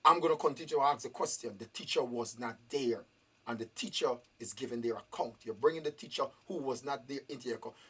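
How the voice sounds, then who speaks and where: Parent at a school meeting. Husky, mid-pitched, repetitive, demanding questions. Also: fast talker, pushed and bright.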